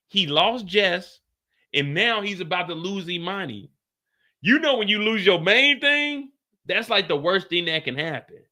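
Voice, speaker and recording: A man, giving a casual, slangy livestream recap of a TV episode. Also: high-pitched. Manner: animated, slangy, acts out characters. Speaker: TV recap host. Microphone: streaming mic.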